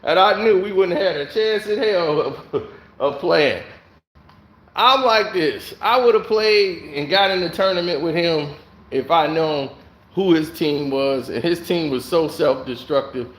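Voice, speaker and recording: A man casually telling stories to camera, animated, laughing often and acting out other people's lines. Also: on the high side, unhurried. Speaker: host. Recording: roomy echo.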